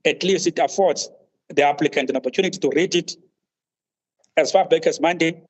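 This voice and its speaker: A man, counsel at a tribunal, making a formal legal argument, deferential and halting, saying "my lady" at almost every turn. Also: a little high, darkish tone. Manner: deferential, says "my lady" constantly, halting restarts. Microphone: video call. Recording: muffled video-call audio.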